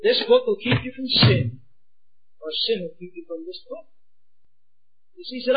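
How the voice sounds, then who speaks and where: A middle-aged man preaching a sermon, swinging from hushed pleading to shouting. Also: very high voice, lively intonation, unhurried, long pauses, slightly rough, muffled recording.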